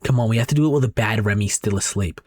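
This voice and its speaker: A man voicing a deranged, doting middle-aged mother in a dramatic reading of a horror manga, cooing with an eerie calm. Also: on the low side, rapid-fire, no echo, close to an everyday voice. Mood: obsessive. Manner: cooing, eerily calm and obsessive.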